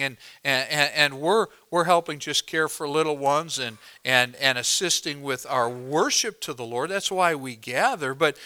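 Male pastor, fairly high and bright, clear tone, dynamic sermon delivery from quiet to loud. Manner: dynamic preaching, swings from hushed to loud emphatic.

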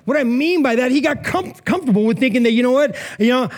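A man's voice: very high voice, animated, fast, hardly any pauses. A man preaching a sermon in a casual, conversational way, full of asides and rhetorical questions. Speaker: pastor.

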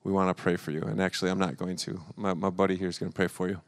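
A man's voice: deep voice, little pitch movement, rapid-fire. A man leading a live church service, encouraging and upbeat, talking with plenty of fillers. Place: church sanctuary.

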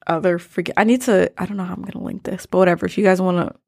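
A woman's voice: on the low side, fairly even intonation, very fast, creaky, a little mellow, no echo, studio quality. A young woman from Maryland hosting her own podcast in casual chat, rambling and slangy with plenty of swearing. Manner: rambling, slangy and profane, drifting off topic. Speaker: podcast host.

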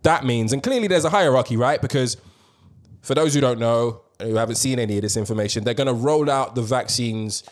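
A man talks through the news on a casual podcast. He is animated and slangy and swears freely. His voice sits at an ordinary middle pitch. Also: a little fast. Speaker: podcast host.

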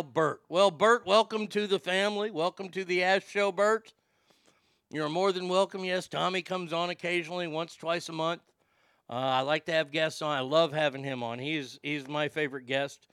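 A man hosting his own podcast, reading listener mail in a profane, excitable, rambling way. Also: on the high side, moderate pace, clean tone, no room sound, clean studio sound. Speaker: podcast host.

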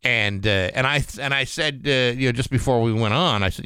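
A man's voice: medium pitch, fairly quick, sharp tone, clean tone, dry recording, studio quality. A middle-aged man in casual chat as co-host, rambling with many fillers and restarts.

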